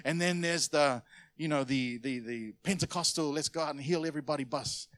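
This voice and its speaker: A pastor gives a sermon in church, talking to his congregation like he's chatting with them, then suddenly punching a phrase out loud. His voice sits a little higher than most men's. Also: brisk, no echo. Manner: conversational preaching, sudden loud emphases.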